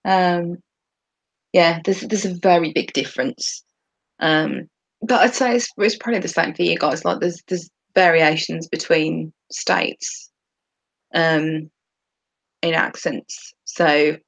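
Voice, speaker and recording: A woman's voice: on the low side, steady tone, slow, vocal fry. A woman from England with a Birmingham accent, co-hosting a casual podcast chat and dropping her T's as she talks. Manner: chatty, drops her T's. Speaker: podcast co-host.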